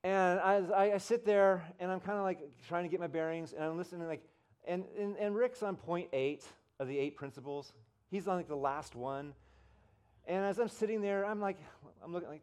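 A middle-aged man preaching as a pastor, telling a personal story with many restarts and repeated words, and his voice climbs high and loud at the big moments. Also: a little fast. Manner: animated storyteller, voice rises high and loud at the climax. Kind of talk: sermon storytelling.

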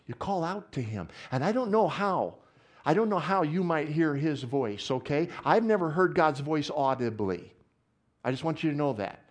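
A man preaching a sermon in a church, animated, moving from loud exclamations to hushed asides and often asking the congregation questions. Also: fairly high pitch, normal speed. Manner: asks the audience questions often. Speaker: pastor.

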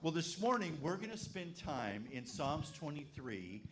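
A male pastor delivers a sermon, his fairly high voice rising and falling with animated energy. He tells stories and asks the congregation questions. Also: unhurried, a little hiss or hum. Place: church service.

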